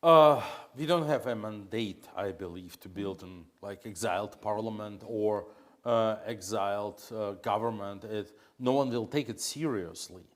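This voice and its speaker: A Russian man whose first language is Russian, an opposition politician, answers interview questions in English. He sounds hesitant, with frequent fillers and restarts, speaking a little slowly in a lowish voice.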